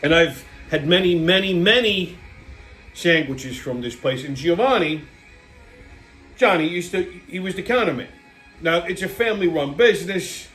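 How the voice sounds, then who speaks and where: A man's voice: high voice, lively intonation, moderate pace, a bit bright, faint music behind. A man from Brooklyn with a New York accent, rambling bluntly through a casual, profane monologue as the channel's host. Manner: rambling, blunt, heavy swearing, lots of fillers.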